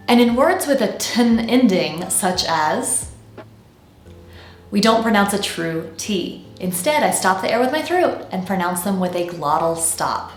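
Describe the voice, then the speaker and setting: A woman with a General American accent gives a scripted pronunciation lesson, speaking clearly and slowing down to model each word. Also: mid-range voice, lively intonation, roomy sound, soft background music. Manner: clear, deliberate, slows down to model words. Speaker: pronunciation teacher.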